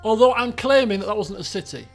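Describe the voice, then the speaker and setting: Male streamer, high bouncy voice, chatty commentary, faint music underneath. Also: expressive, fast talker. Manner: chatty, thinks aloud, laughs often. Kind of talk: live-stream game commentary.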